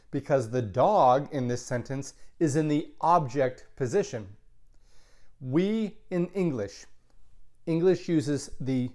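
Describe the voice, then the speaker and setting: Man teaching a Latin lesson, slightly high voice. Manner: explains step by step, repeats key words slowly. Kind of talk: recorded classroom lecture.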